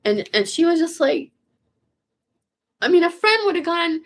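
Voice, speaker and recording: Gravelly, high-voiced woman rambling profanely. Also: big pitch swings, unhurried. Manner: rambling, profane storytelling full of restarts. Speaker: vlogger. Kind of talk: casual confessional storytelling.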